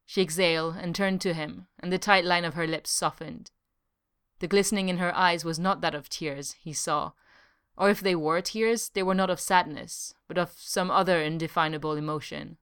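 A woman reading a novel aloud in a measured, unhurried way. Her voice sits low and sounds smooth and resonant. She tells the story steadily, as an audiobook narrator. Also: a bit bright. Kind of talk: scripted narration.

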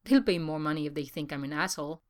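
A woman's voice: deep voice, fairly even intonation, fast, natural voice. A woman voicing a brash sardonic male artist. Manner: blunt, sardonic.

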